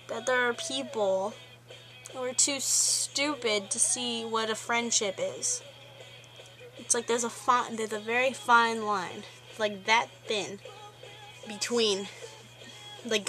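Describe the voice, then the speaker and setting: A woman's voice: fairly high pitch, pushed and bright, rough recording. A teenage girl ranting in a rambling, exasperated way, full of fillers. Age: teens. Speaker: vlogger. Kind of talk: ranting vlog.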